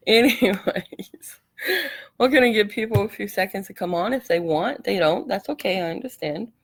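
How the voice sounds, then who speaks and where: A woman's voice: medium pitch, measured pace, creaky, husky. Chatty woman hosting a craft livestream. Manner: chatty, apologetic, laughs easily. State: coughing, out of breath from allergies. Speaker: craft tutorial host. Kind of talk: casual livestream craft tutorial.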